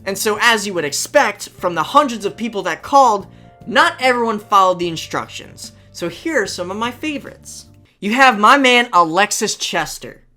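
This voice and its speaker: A woman hosting a reaction commentary video, animated and sarcastic with sudden exclamations. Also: medium pitch, normal speed, soft background music. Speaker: host.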